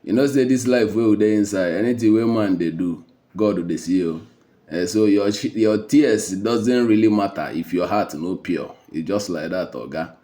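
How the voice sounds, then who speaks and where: A man with a Nigerian accent recounts a personal story in a low, mellow voice. He speaks in a measured, hesitant way, pausing on fillers.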